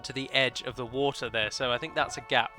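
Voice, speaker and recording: A man's voice: medium pitch, fairly even intonation, fairly quick, music in the background. A man commentating on his own multiplayer strategy match, chatty and analytical, often correcting himself mid-sentence. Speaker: let's play commentator. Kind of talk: game commentary.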